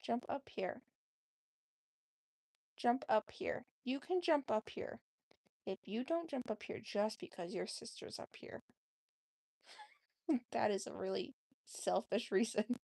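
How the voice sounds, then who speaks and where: A woman's voice: a little high, slow, vocal fry, long pauses, darkish tone, no echo, studio quality. A woman vlogging at home, coaxing her cats onto the bed with giggly baby talk. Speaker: vlogger, cat owner. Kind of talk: casual chat with her pets.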